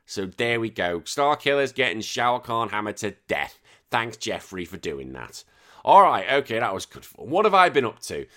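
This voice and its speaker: A man hosting a podcast, chatting casually in a rambling, animated way and swearing freely. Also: on the low side, normal speed. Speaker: podcast host.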